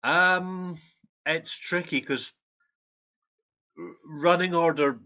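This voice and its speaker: Bright-voiced Scottish man explaining. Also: fairly high pitch, very slow. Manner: relaxed, knowledgeable explaining. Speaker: resident expert guest. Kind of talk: casual chat.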